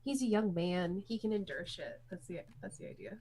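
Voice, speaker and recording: A woman's voice: fairly low pitch, animated, moderate pace, a little mellow. A woman playing a tabletop game, chatting casually and giggling as she picks skills. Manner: giggly, upbeat. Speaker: player.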